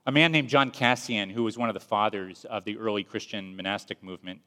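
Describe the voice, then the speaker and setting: A man's voice: fairly low pitch, fairly even intonation, pushed and bright. Earnest man preaching with reverb. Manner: measured, earnest storytelling. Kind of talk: sermon with story retelling. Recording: long reverb.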